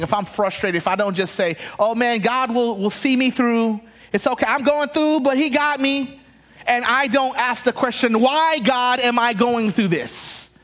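Man, pastor, sermon, high-pitched, animated, restarts, laughing asides. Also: slightly rough.

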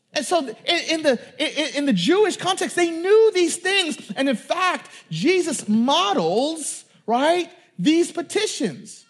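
A man with a strikingly high voice delivers a sermon. He talks to the congregation in a loose, emphatic way and often repeats his words as he builds a point. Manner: addresses the congregation directly. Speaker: pastor.

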